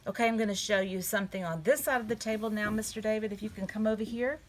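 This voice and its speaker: A woman giving a gentle storytelling lesson to young children at a table. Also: mid-range voice, fairly even intonation, fast, slight background noise. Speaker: children's church teacher. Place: indoors at a table.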